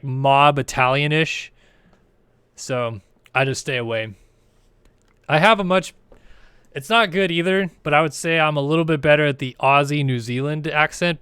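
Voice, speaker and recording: A man's voice: fairly high pitch, a bit bright, clean tone, no room sound. A man casually commentating a racing game stream in a rambling, laid-back, chatty way.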